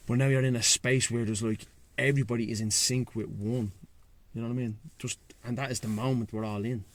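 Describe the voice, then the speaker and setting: Brisk and fairly even in intonation, a mid-range male voice with a Dublin accent belongs to a guest who facilitates breathwork and sea swims. Chatting casually outdoors by the sea, he's blunt, slangy, and sweary.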